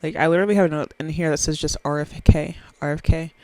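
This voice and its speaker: A woman's voice: sits low, fairly even intonation, quick pace, a little mellow, no room sound, low-quality recording. A woman, rambling through a profane, self-mocking solo podcast chat very close to the microphone. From Southern US. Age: 20s. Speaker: podcast host.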